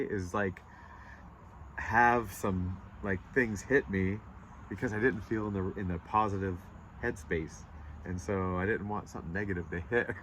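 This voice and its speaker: An earnest man rambling through a spiritual tarot reading out in nature, restarting his sentences and pausing to find words. He sounds choked up, with a stuffy nose from holding back tears. A faint hum of outdoor sound and passing traffic stays behind him. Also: on the low side, a bit bright. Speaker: tarot reader. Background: birds and passing vehicles.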